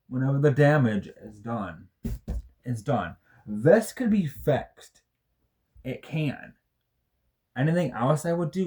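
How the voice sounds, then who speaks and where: A man's voice: medium pitch, a little mellow. A man in his thirties telling a personal story in a rambling, self-correcting way, swearing often. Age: 30s. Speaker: vlogger. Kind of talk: personal vlog, emotional storytelling.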